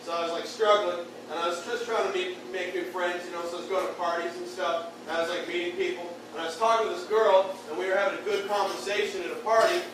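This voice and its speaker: A man's voice: high-pitched, fairly even intonation, quick pace, hardly any pauses. A man doing a stand-up comedy set of crude one-liners in a beer hall, jabbing at the crowd. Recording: echoey room from far off, bar noise.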